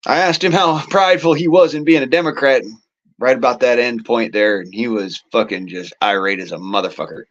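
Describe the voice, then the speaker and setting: A man's voice: medium pitch, a little fast, a bit bright, dull audio. A man hosting a casual political monologue, talking in a rambling, profane way with folksy turns of phrase. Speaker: show host.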